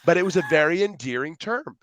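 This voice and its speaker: A man as a podcast guest telling stories in a rambling, animated way, acting out dialogue and jumping between tangents. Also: fairly high pitch, quick pace, slight background noise. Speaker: podcast guest, youth speaker. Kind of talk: casual storytelling interview.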